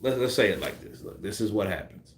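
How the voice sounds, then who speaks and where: A man's voice: fairly low pitch, fairly quick, roomy sound. A man giving casual, profane boxing commentary on a live stream, acting out punch combinations. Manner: animated, profane, acts out punch sequences.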